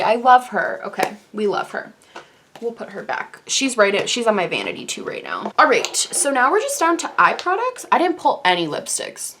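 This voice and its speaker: A young woman casually reviewing the makeup she loves, gushing in quick, animated bursts of enthusiasm. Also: fairly high pitch, background noise. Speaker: beauty YouTuber.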